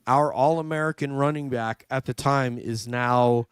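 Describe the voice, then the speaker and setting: A man's voice: medium pitch, unhurried, clear, resonant tone, no echo, clean studio sound. A man from New York hosting a casual livestream chat, thanking viewers and reading the live chat aloud. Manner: chatty, reads out live chat. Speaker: livestream host.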